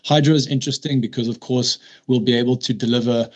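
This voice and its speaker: Man, middle pitch, formal hearing presentation, measured, frequent fillers and restarts. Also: steady tone. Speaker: licence applicant presenting.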